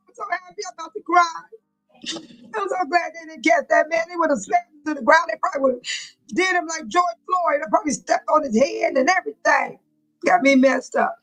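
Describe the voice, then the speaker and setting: A woman's voice: sits high, lively intonation, a little fast, a bit bright, soft background music, poor audio. A woman hosting a casual livestream, talking emphatically and preachily, repeating herself and laughing often as she reads viewer chat.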